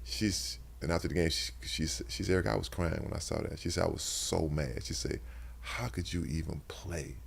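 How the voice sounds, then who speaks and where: Gravelly low-voiced man, lively storytelling. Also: normal speed. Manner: earnest storytelling, lots of repeated words and restarts. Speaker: guest, former football player. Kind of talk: casual interview chat.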